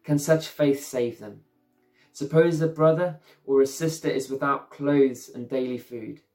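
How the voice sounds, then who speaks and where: A man's voice: mid-range voice, fairly even intonation, unhurried, darkish tone, soft background music. A middle-aged man preaching an earnest, conversational sermon as a pastor, often saying "you know".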